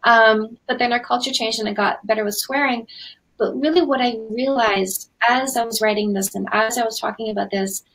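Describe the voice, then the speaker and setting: A Canadian woman in her forties, a dating coach hosting a live webinar in an energetic, chatty way with lots of fillers. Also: on the high side, moderate pace, poor audio. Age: 40s.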